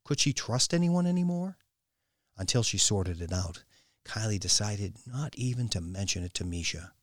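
An expressive male audiobook narrator reads a novel from a script in a lowish voice at normal speed. The recording is dry and has clean studio sound.

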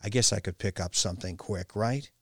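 Narrator doing a teasing young man; lowish, dry. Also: fairly quick, no echo. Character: joking, easygoing young man.

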